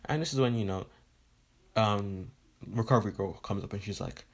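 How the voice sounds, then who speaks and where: A man's voice: fairly low pitch, moderate pace. A man casually retelling a fan story, rambling and leaning on fillers like "right?" and "you know", with the odd swear.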